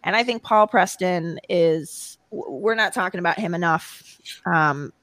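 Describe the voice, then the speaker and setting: A woman chatting as a podcast guest, talking in rambling bursts with many restarts and quick laughs. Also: fairly low pitch, a bit bright, no echo. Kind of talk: casual podcast chat.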